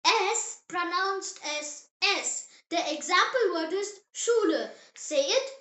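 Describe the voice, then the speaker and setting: A child hosting a scripted language lesson, upbeat and encouraging, spelling out sounds slowly. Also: extremely high pitch, animated, bright, forceful tone. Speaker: language teacher, channel host. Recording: roomy echo.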